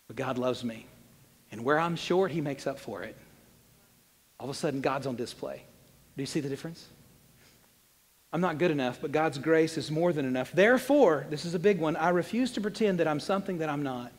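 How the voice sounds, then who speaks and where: A man preaching a sermon as a pastor, animated, swinging between loud emphasis and quiet asides. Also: on the high side, brisk, big-room sound. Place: church sanctuary.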